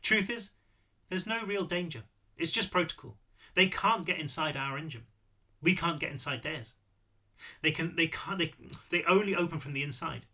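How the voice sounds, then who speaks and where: This is a soft, almost soothing stranger with something dark just beneath the surface, voiced by a man reading his novel aloud. The voice sits high and sounds bright and clear. He talks calmly and smoothly, never raising his voice. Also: moderate pace, pauses often. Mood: calm, ominous. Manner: quiet, gentle, with a dark edge. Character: high-pitched, soft-spoken, menacing European man. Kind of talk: audiobook read-through.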